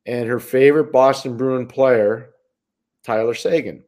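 Earnest male hockey analyst, mid-pitched. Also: steady tone, unhurried, a little mellow. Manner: earnest, repeats words, starts over mid-sentence. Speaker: podcast co-host and hockey analyst. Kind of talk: casual sports chat.

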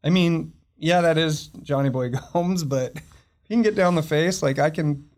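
On a casual podcast, a guest who surfs and makes films speaks at a moderate pace in a higher, darkish-toned voice. He meanders, hunting for words and filling gaps with plenty of fillers and restarts.

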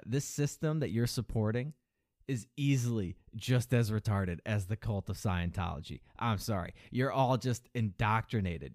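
A slightly mellow male voice drives a profane, sneering political rant on a podcast, where the host mimics opponents in a mocking, higher register. The recording is dry and studio-clean.

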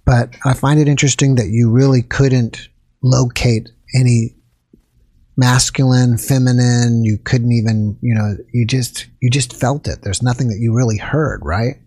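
A man's voice: mid-range voice, fairly even intonation, moderate pace, mellow, slightly rough, no echo. A man hosting an interview, responding thoughtfully to a guest's story. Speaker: host. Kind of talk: interview chat.

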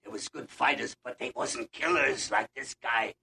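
An actor playing a gruff, blunt old male boxing trainer who scolds in a raspy, shouting voice. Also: mid-range voice, moderate pace, a little hiss or hum. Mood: gruff scolding.

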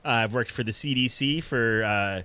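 A man's voice: medium pitch, moderate pace, bright, forceful tone, clean tone, natural voice. A man playing a boastful male agent in a tabletop game, bragging about his manhunts and rambling with fillers. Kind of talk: tabletop role-play in character.

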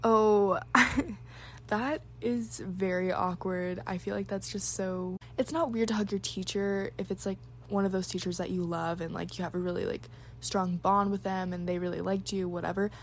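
A woman's voice: mid-range voice, fairly even intonation, normal speed, a little hiss or hum. Chatty young woman vlogger, lots of "like". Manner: chatty, filler-heavy with frequent "like", giggly. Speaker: vlogger reading viewers' stories. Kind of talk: casual chat.

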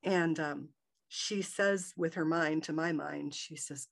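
A woman from Michigan, a podcast guest, telling a personal story in a lively way and acting out her own thoughts. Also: deep voice, takes it slowly, vocal fry. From Michigan, USA. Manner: animated, acts out her own inner thoughts in quotes.

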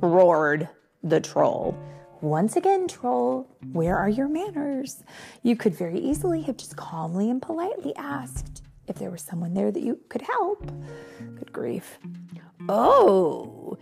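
A woman's voice: on the high side, very animated, unhurried, gravelly, dark tone, soft background music. A woman reading a fairy tale aloud to a child with playful, chatty asides to the listener. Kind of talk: playful read-aloud storytelling.

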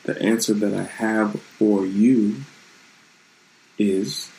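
A man's voice: lowish voice, fairly even intonation, very slow, gravelly, mellow, poor audio. A man hosting his own channel, talking in a loose, rambling and reflective way in a casual live-streamed vlog from his room at home.

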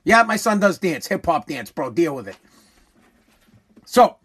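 High-voiced man ranting profanely. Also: big pitch swings, unhurried, a bit bright, breathy edge. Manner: rambling, profane, repeats himself, emphatic. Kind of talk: casual monologue storytelling.

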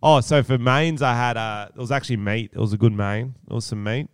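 A man's voice: mid-range voice, fairly quick, smooth, dry recording, clean studio sound. An Australian man co-hosting a podcast, joking loosely and swearing casually. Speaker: podcast co-host. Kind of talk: casual banter.

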